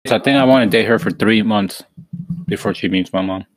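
A man's voice: fairly low pitch, a little fast, poor audio. A man chatting casually as a guest, laid-back and blunt, swearing now and then. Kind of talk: casual chat.

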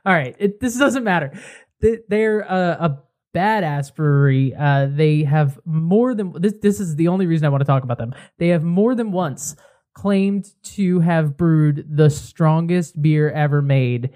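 A man co-hosting a podcast in casual chat, rambling and excitable, with frequent restarts. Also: fairly high pitch, a little slow. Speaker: podcast co-host.

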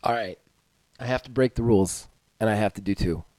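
A man co-hosting a gaming podcast, chatting casually in an excited, self-deprecating, rambling way. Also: lowish voice, a little fast, no echo. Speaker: podcast co-host. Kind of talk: casual chat.

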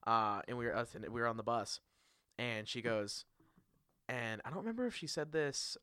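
Excitable young man, bright crisp voice. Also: mid-range voice, moderate pace, dry recording, studio quality. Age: young adult. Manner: excitable, laughs often, repeats words. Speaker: podcast host. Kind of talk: casual chat.

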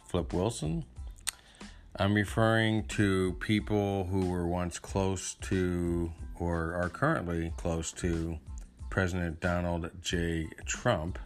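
A man giving his opinions in a casual spoken monologue, rambling and pausing often with fillers and restarts. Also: sits low. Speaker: commentator.

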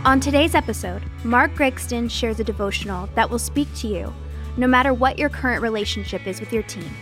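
A woman's voice: on the high side, a little fast. Woman announcer over music. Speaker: podcast announcer. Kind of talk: scripted intro. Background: music bed.

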